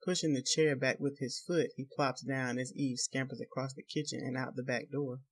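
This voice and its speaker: Reading from a novel, this male audiobook narrator keeps a measured, even storytelling voice at medium pitch in his scripted narration.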